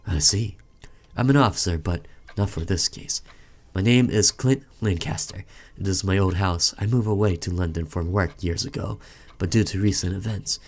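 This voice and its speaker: A man's voice: low voice, normal speed, darkish tone. A man voicing a curt, guarded male police officer in a horror game.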